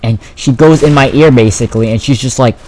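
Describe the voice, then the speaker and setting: A teenage boy telling a story in a casual vlog, profane, exasperated and animated. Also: mid-range voice, brisk, slight background noise. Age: teens. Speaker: vlogger.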